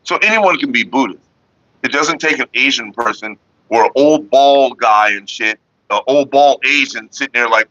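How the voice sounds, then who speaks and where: A man's voice: medium pitch, moderate pace, no room sound. A man hosting a casual vlog from Northern California, answering viewers in a laid-back, rambling, profane way. The sound is a dull lo-fi recording. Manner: laid-back, profane, talks about staying calm.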